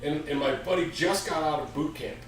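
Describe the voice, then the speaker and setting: A man's voice: a little high, a little fast. A man in his fifties from the United States, hosting a casual chat and telling a rowdy story with swearing and acted-out sound effects. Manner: animated, swearing, acts out quotes with sound effects. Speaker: music store show host. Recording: echoey room from far off with faint ambient noise.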